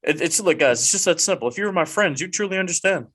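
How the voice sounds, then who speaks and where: On his laid-back chat podcast, this host talks fast in a high, bright, forceful voice, full of animation. His humor is mock-dramatic, and he wanders off track with frequent restarts.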